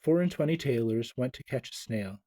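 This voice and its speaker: A man reading a classic children's story aloud, gentle and expressive, with small stumbles. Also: medium pitch, normal speed, no echo.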